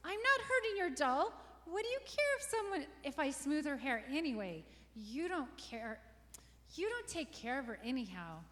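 A woman's voice: very high voice, measured pace, few pauses, bright, forceful tone, pitched above the performer's own voice, full character voice. A woman voicing a stubborn, whiny young girl who whines and shrieks when upset. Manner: whining, then shrieking in tears. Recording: long reverberant room echo.

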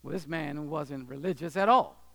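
High-voiced man telling a sermon story. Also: normal speed, gravelly, pushed and bright. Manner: dramatic storytelling, acting out voices, asks the audience if they are listening. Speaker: preacher. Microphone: handheld or stand microphone.

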